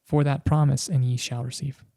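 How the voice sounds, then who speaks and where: A man's voice: mid-range voice, flat delivery, normal speed, warm tone, dry recording, clean studio sound. A man on a podcast as a guest, earnestly telling a personal faith story with many restarts and filler words.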